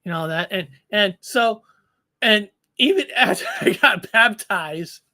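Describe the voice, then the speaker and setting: A man's voice: high voice, animated, a little slow, pushed and bright, no room sound. A man in casual podcast chat, rambling with lots of repeated words and frequent laughs.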